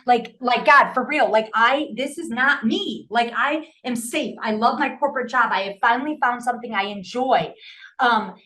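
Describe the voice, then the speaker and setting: A woman's voice: a little high, normal speed, bright, forceful tone. A middle-aged woman telling a personal story in a casual interview, earnest and emotional, often restarting her sentences. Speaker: podcast guest.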